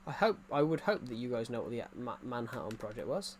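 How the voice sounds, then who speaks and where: A man's voice: mid-range voice, very animated, fairly quick, slight background noise. A young man from England with an English accent, chatting casually to viewers while playing a game, rambling and restarting his sentences. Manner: rambling, repeats and restarts phrases. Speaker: gaming streamer. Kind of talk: casual chat while gaming.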